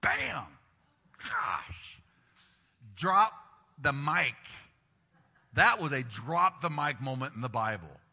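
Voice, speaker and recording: Bright-voiced preacher in an echoing hall. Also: male voice, fairly high pitch, slow pace, pauses often, husky. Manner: animated storytelling, acting out quoted voices. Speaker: pastor. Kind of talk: sermon. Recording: long reverb of a large hall.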